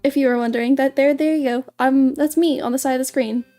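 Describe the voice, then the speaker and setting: A woman's voice: high-pitched, steady tone, fast talker, warm tone, soft background music. A woman streaming as a VTuber in a casual livestream chat, bubbly and giggly, often stumbling and repeating her words.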